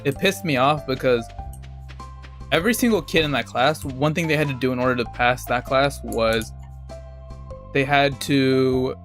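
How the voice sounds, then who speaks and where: A man's voice: mid-range voice, moderate pace, long pauses, a bit bright, soft background music. A young adult man streaming a game, telling a rambling, profane story in a casual, laid-back way. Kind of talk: casual storytelling while gaming.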